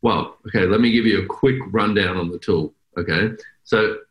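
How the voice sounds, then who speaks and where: A man's voice: fairly low pitch, moderate pace. An Australian man hosting a podcast, chatting casually and animatedly, often acting out little quotes. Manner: animated, laughing, acts out quotes. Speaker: podcast host. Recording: roomy echo.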